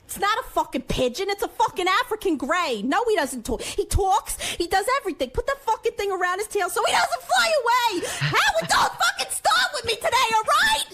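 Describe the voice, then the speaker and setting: A woman's voice: extremely high pitch, very animated, a little fast, few pauses, sharp tone, a little hiss or hum, full character voice. A woman doing a paranoid, foul-mouthed pet lady. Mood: ranting. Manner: profane, defensive ranting.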